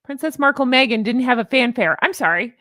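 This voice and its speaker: A woman's voice: fairly high pitch, expressive, fairly quick, fairly bright tone, no echo, clean studio sound. Sarcastic woman ranting. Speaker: YouTube commentary host. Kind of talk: casual commentary vlog.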